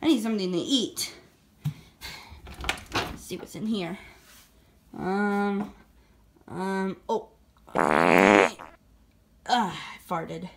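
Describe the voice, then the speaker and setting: In a homemade toy-figure video, a woman voices a cheerful, dim male dinosaur buddy. He talks in a slow, rambling drawl and drifts from thought to thought. His voice sits at a middling pitch. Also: background noise. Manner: slow, rambling, easily distracted.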